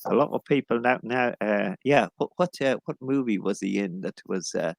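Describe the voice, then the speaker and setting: A man's voice: fairly low pitch, normal speed, gravelly, dry recording. A man with an Irish accent, an English teacher in a casual live chat, rambling and jokey, often correcting himself.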